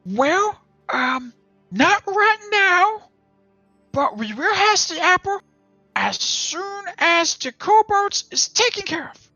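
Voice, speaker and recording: A man's voice: extremely high pitch, big pitch swings, slow, sharp tone, dry recording, dull audio, soft background music, voice pushed up, full character voice. A man voicing a scrappy male goblin who rambles in broken grammar. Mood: wheedling.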